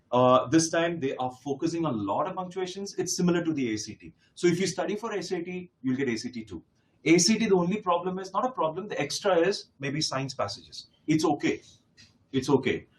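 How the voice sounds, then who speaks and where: A man with a slightly higher-pitched voice leads a test-prep lecture. He speaks to his students directly and drives his points home by repeating them with emphasis. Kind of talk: live classroom lecture.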